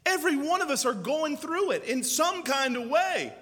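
A man's voice: extremely high pitch, big pitch swings, normal speed, bright, forceful tone, in a large hall. A male pastor preaching a sermon with emphatic, repeated phrases. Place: church.

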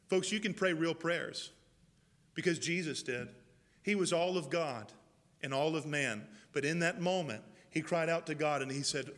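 A male pastor preaching a sermon, moving from loud calls to hushed, prayerful quoting. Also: on the high side, moderate pace. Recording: long reverb of a large hall.

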